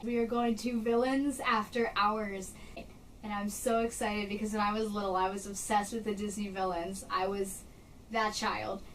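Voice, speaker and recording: A young woman in her bedroom chatting excitedly to camera for her vlog channel. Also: mid-range voice, moderate pace, far from the mic, slight background noise, rough recording. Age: young adult. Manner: bubbly, excited, gushing. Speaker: vlogger. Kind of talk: casual chat to camera.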